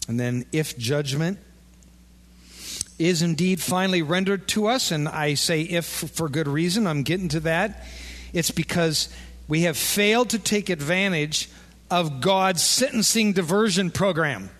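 A man preaching a sermon as pastor, animated and playing out imagined conversations with his listeners. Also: fairly high pitch, unhurried. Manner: animated, acts out imagined dialogue. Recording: long echo of a large hall.

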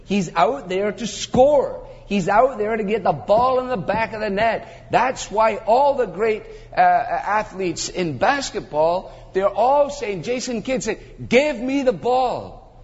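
Older male pastor, bright high voice, emphatic sermon delivery with dry humor, muffled hall recording. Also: slow. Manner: emphatic, builds to animated climaxes, wry humor. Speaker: preacher. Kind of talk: expository sermon. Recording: muffled sound with long hall reverb.

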